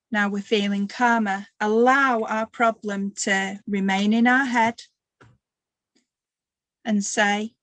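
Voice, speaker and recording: A tired woman leading a guided meditation workshop, talking gently with long pauses. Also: mid-range voice, no echo. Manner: slow, gentle guiding with pauses. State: tired, occasional coughing. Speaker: workshop leader.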